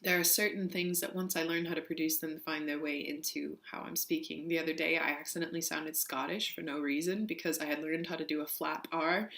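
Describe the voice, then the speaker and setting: A woman's voice: deep voice, steady tone, fairly quick, creaky, hardly any pauses, a bit bright. A young woman vlogger who reads out a word list and a poem, then chats with frequent ums and laughs. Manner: chatty, laughs often, many ums. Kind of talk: reading a word list and poem, casual chat.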